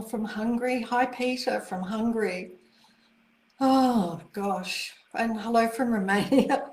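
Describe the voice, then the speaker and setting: A woman's voice: mid-range voice, slow. Reassuring woman author in a roomy space. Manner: reassuring and encouraging, gushing over viewer greetings. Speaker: author answering viewer questions. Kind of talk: live online Q&A, casual talk.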